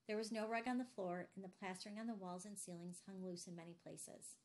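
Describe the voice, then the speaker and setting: A woman narrating a novel aloud in a steady, measured reading. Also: medium pitch. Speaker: audiobook narrator. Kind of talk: scripted narration.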